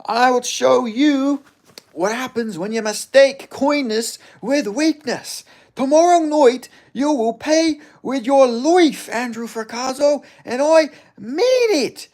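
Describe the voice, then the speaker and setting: A man's voice: extremely high pitch, expressive, slow pace, darkish tone, voice pushed up, heavily acted. A man doing an impression of a brash Irish male fighter, with an Irish accent and theatrical, menacing threats.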